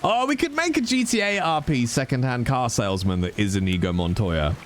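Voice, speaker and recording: Animated, teasing male streamer. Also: mid-range voice, fairly quick, slight background noise. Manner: animated, teasing, mock-exasperated. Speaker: livestreamer. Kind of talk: casual chat with stream viewers.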